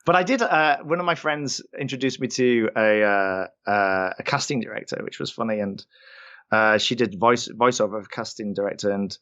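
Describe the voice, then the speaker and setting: A man's voice: on the low side, moderate pace, fairly bright tone, muffled recording. A man, a voice actor guest, telling anecdotes in a casual podcast interview, laughing often and sounding self-deprecating.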